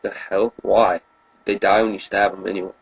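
Male sidekick for gaming banter, husky, jokey, irreverent. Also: deep voice, level tone, moderate pace, muffled recording. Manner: joking, goofy asides, swears. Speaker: co-commentator.

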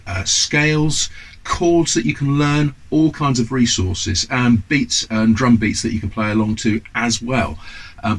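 Husky man from the UK, fifties, chatty guitar lesson, enthusiastic, lots of ums. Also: medium pitch, low-quality recording. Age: 50s. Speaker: guitar teacher. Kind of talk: casual instructional talk to camera.

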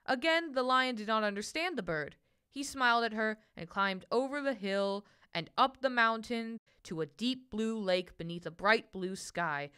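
A woman reading a children's picture book aloud, with gentle, expressive storytelling. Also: medium pitch, clean tone.

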